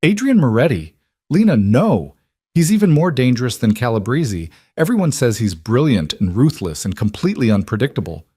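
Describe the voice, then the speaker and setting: A man's voice: on the low side, expressive, moderate pace, a little mellow, no echo, studio quality. A man voicing a frightened, pleading younger sister in a spoken story. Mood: desperate. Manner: pleading, breaking. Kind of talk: audiobook storytelling.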